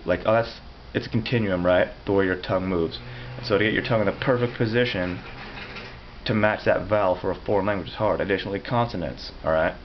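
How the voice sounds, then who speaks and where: A man with a lowish voice explains things in a casual, rambling way, breaking off and restarting his sentences. The recording is dull and lo-fi, with a faint hiss underneath. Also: fast. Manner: rambling, self-correcting, explanatory. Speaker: language vlogger. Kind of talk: casual talk to camera.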